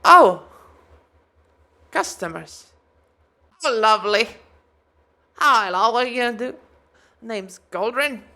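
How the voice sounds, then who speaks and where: Goldrin, a woman doing a loud bubbly dwarf smith. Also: fairly high pitch, lively intonation, slow, long pauses, voice pushed up, full character voice. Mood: cheerful. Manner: loud, chirpy, attempts an Australian-style accent.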